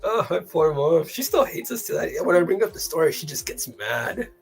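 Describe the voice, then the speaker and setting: A husky-voiced guest tells a story in lively casual chat, full of fillers and bursts of laughter. Soft music plays faintly underneath the talk. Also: medium pitch, a little fast.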